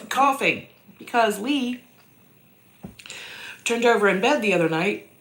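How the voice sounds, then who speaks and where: A woman's voice: on the high side, expressive, slow pace, sharp tone, slight background noise. A woman hosting a casual livestream chat from home, rambling and self-mocking, with a cough that keeps breaking into her voice. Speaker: host answering viewer questions. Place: downstairs at home.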